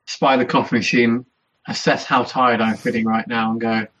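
A man's voice: medium pitch, little pitch movement, normal speed, a bit bright. A man playing a tabletop game, chatting through his character's actions step by step. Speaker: player. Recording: dull lo-fi mic.

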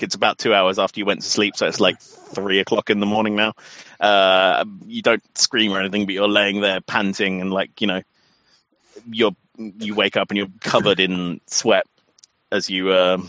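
A man's voice: fairly low pitch, sharp tone, dry recording. A man narrating a tabletop horror game as game master, in a loose, filler-heavy way.

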